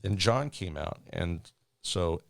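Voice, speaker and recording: A man working as a flight attendant, telling a story in a rambling, animated way with many restarts. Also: low voice, takes it slowly, creaky, no room sound. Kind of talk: casual storytelling.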